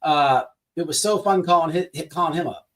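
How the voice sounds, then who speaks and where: A man hosting a casual livestream, rambling and swearing as he mocks people online, sometimes slipping into a mock sales pitch. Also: brisk. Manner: rambling, profane, mocking. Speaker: livestream host.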